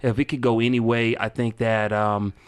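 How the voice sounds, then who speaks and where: A man co-hosting a wrestling podcast in a casual chat, excitable, often stumbling and repeating words as he starts a point. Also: mid-range voice, moderate pace, clear, resonant tone. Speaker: podcast co-host.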